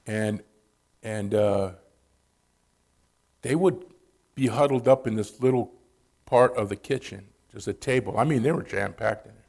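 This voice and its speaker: A man's voice: lowish voice, unhurried, gravelly, pauses often, darkish tone. A man from Southern California telling personal stories at a church in a casual, conversational way. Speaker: church speaker.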